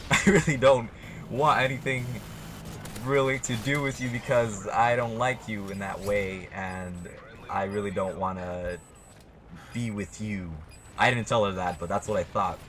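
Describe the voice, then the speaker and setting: A man's voice: fairly low pitch, steady tone, a little slow, a bit bright, slight background noise. A young man telling a story to his camera in a casual, rambling way, swearing often and speaking bluntly. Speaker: vlogger.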